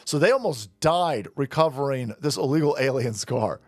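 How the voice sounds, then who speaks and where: A man's voice: mid-range voice, animated, normal speed, no echo, studio quality. A man ranting sarcastically and indignantly in a commentary vlog, with frequent swearing. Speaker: political commentator.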